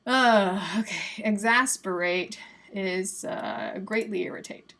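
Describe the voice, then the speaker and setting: A woman's voice: mid-range voice, slow pace, vocal fry, fairly bright tone. A woman from the United States hosting a livestream in a chatty, casual way, reading quiz answers aloud and laughing often. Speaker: livestream host.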